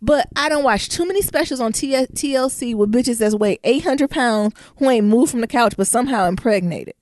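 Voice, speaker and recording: A young woman from Detroit co-hosting a podcast in casual, profane chat with lively asides. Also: on the high side, brisk. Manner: animated, profane, laughing asides. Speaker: podcast co-host.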